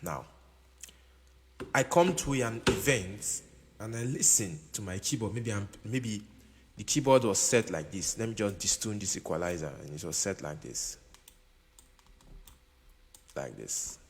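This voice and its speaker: A man's voice: fairly low pitch, expressive, unhurried, long pauses. A man teaching music production in a casual tutorial while playing a keyboard, often repeating himself and checking that the listener understands. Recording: room with long reverb, keyboard music behind.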